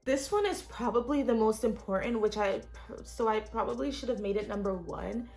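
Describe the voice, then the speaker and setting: Young woman, vlogger. Chatty, frank, swears casually, addresses the camera; small home room, faint music underneath. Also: a little high. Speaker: lifestyle vlogger. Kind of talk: casual self-help vlog talk. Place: small cluttered studio apartment.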